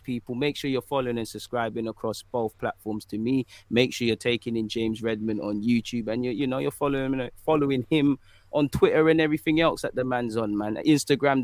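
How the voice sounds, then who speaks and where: Male host, relaxed slangy delivery, dry close mic. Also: mid-range voice, brisk, no room sound. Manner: laid-back, slangy, hypes up his guest. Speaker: stream host. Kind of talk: casual stream chat.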